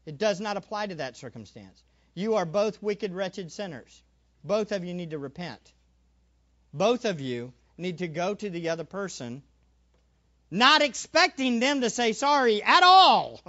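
A male preacher giving a sermon, animated, acting out little scenes and repeating phrases for emphasis. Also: high voice, measured pace, highs cut off.

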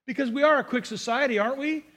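A man's voice: extremely high pitch, quick pace, sharp tone. A man from Southern California preaching as a pastor, earnest and emphatic, acting out quotes as he goes. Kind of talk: sermon.

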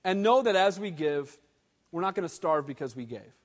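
A man preaching a sermon as pastor, animated and conversational, with casual slang. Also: fairly high pitch, normal speed. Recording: long hall reverb.

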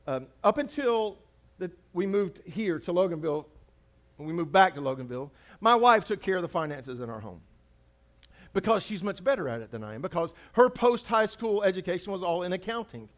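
Pastor, male, high-set voice, chatty humorous preaching with repeated lines. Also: very animated, a little fast. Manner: conversational preaching, humorous asides, repeats phrases for emphasis. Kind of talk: sermon.

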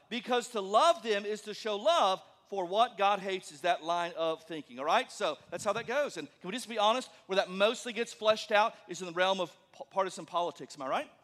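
A male pastor with a notably high voice preaches with animated energy, sometimes acting out the people he quotes. His voice rings with a long reverb through a church hall. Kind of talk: sermon.

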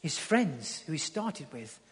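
A man preaching a sermon with passion, swinging from loud urging to hushed tones and repeating words as he builds each point. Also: fairly high pitch, very animated, slow, husky. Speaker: pastor. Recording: long hall reverb.

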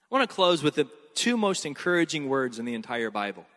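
A man's voice: a little high, very animated, brisk, a bit bright. Emphatic preacher man in a reverberant hall. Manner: emphatic, repeating key phrases. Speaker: pastor. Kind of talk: sermon.

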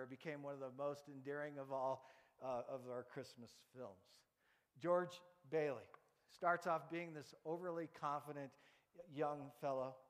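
A male pastor with a fairly high, clean voice preaches in a large hall, telling stories and having the congregation repeat after him. He frequently restarts and repeats words.

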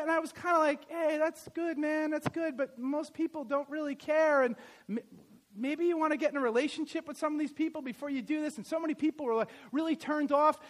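A man preaching a sermon as pastor, swinging from loud emphatic lines to quiet conversational asides with fillers and self-corrections. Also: very high-pitched, quick pace.

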